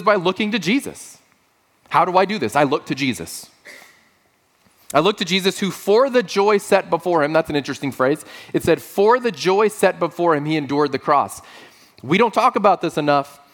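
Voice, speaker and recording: Man preaching with lively pitch leaps. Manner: humorous storytelling with deadpan quoted dialogue. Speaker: pastor. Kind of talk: sermon.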